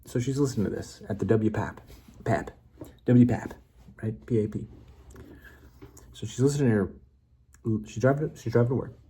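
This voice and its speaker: A man's voice: mid-range voice, moderate pace, long pauses, dark tone, a little hiss or hum. A man giving a casual, rambling monologue that builds a memory story, playful and correcting himself as he goes. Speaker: vlogger.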